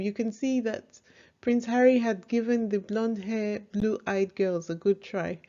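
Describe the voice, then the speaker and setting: A woman's voice: fairly high pitch, darkish tone, dull audio. A woman hosting a casual book review vlog, chatty and opinionated. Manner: chatty, opinionated, laughs easily.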